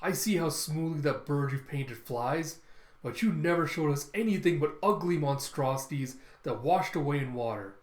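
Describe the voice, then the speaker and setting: A man's voice: a little high, moderate pace, a little mellow, lightly acted. A man voicing a formal, earnest samurai leader while reading a comic aloud. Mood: solemn. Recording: roomy echo.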